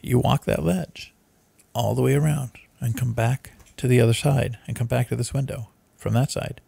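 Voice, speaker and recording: A man voicing a menacing, jealous middle-aged mob boss in a retold movie scene, loud and threatening. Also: mid-range voice, steady tone, moderate pace, vocal fry, husky, dry recording. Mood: taunting.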